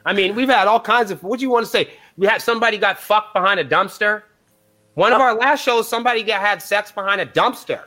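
A man's voice: high voice, fast, pushed and bright. A man telling a long profane story on a podcast, acting out both sides of the dialogue. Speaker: band member guest. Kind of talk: casual storytelling. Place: live podcast interview.

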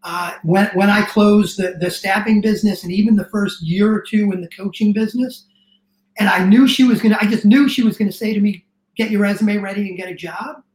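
An earnest middle-aged man speaking as a guest coach in casual interview talk. He gets emotional and rushes into restarts as he tells his story. The sound is roomy, with a noticeable echo. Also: sits high, fairly even intonation, darkish tone.

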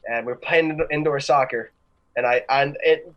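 A man's voice: mid-range voice, a little fast, highs cut off. A young man telling stories in a casual chat, rambling and laughing as he goes. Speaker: podcast co-host.

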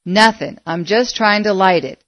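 A woman's voice: mid-range voice, moderate pace, dry recording, lo-fi sound, close to an everyday voice. A woman doing a sullen, hurt country boy. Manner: sullen, tearful.

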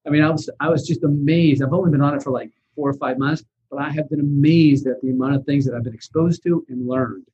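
Husky male investor guest, animated storyteller, raised pitch, dull lo-fi sound. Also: fast talker, few pauses. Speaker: real estate investor guest. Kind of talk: casual storytelling interview.

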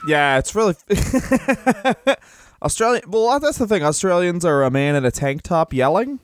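A man's voice: high voice, expressive, a little slow, heavy background noise. A man co-hosting a comedy podcast, riffing in a rambling way and laughing often. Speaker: podcast co-host.

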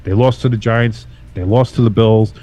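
A man hosting a casual sports podcast, talking loosely and profanely with bursts of animated emphasis. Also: fairly low pitch, normal speed. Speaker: podcast host.

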